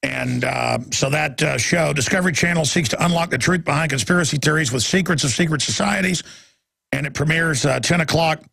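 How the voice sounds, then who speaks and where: A man hosting a talk radio show, rambling and forceful, full of fillers and restarts. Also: a little high, a little fast, vocal fry, breathy edge, no room sound.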